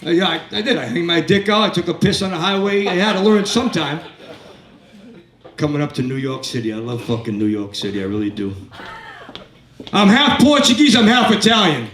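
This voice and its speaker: A high-pitched man in his fifties tells crude, wandering stories on a comedy club stage and jokes with the audience. His voice comes from a distance and rings around an echoey room. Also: sing-song, fairly quick, a bit bright. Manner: crude, rambling storytelling with crowd work. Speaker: stand-up comedian. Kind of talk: stand-up set.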